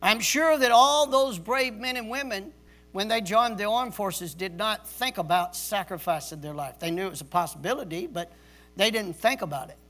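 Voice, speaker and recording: A man's voice: sits high, moderate pace, bright, forceful tone. A male pastor preaching a sermon in a stern, emphatic way, repeating key words for stress like a drill sergeant. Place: church service.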